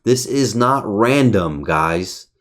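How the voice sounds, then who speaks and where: A man's voice: lowish voice, expressive, slow. A man reviewing his day's trades over a chart in casual, profane, brash talk. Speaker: trading educator.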